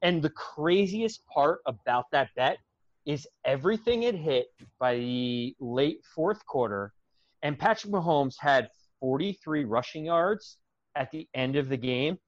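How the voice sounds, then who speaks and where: A man co-hosting a sports podcast, telling a betting story in an animated, suspense-building way. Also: on the high side, measured pace, no room sound, highs cut off. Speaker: podcast co-host. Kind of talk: casual sports chat.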